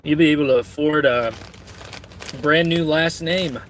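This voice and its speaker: A man's voice: a little high, measured pace, a bit bright, slight background noise. A man streaming and reading his chat, rambling in a crude, joking way while snacking.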